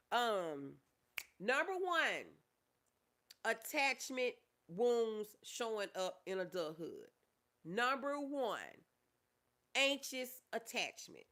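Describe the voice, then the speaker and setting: Her voice runs fairly high with a sharp tone. She's a therapist running a laid-back livestream, where she reads viewers' comments aloud and addresses them as "baby."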